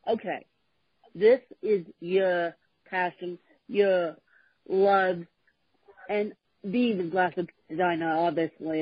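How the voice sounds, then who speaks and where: A podcast host asking questions slowly and deliberately. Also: mid-range voice, husky, no room sound. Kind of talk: interview questions. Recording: dull lo-fi call audio, dry.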